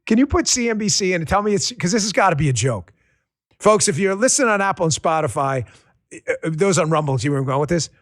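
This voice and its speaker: A man hosts a political talk show in a sarcastic, ranting monologue. His voice sits very high for a man and swoops around a lot. He keeps hammering the same punchlines and calls out to his crew and listeners. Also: lively intonation, fast. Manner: talks straight to his audience and crew.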